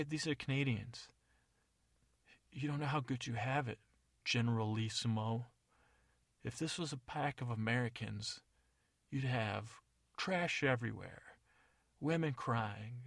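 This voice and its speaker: A man telling a comic story in a rambling monologue, correcting himself and tossing in deadpan asides. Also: mid-range voice, dry recording, clean studio sound. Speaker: comedy podcast narrator.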